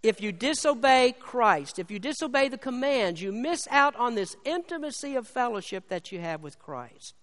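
Preacher in a reverberant church hall. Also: male voice, very animated, a bit bright. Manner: slows and lifts his voice on key lines of scripture, then drops low. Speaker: pastor. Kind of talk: sermon.

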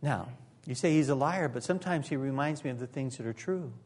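A man's voice: mid-range voice, a little fast, a little mellow. A man preaching a sermon as pastor, earnest and emphatic, with occasional joking asides.

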